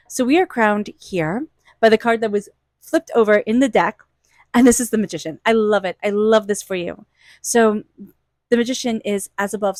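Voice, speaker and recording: A woman's voice: mid-range voice, darkish tone, dry recording. A woman giving a casual tarot reading to her viewers, gushing and talking loosely with lots of "you know" and "like.". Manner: gushing, lots of "you know" and "like", slips into playful voices for quotes. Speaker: tarot reader. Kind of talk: intuitive tarot reading vlog.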